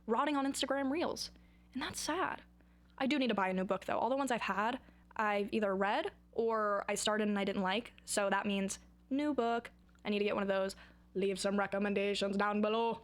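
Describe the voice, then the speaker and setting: A woman's voice: medium pitch, moderate pace. A young woman chatting to camera in a rambling, goofy, self-mocking way about her own habits. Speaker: vlogger. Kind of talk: casual chat to camera.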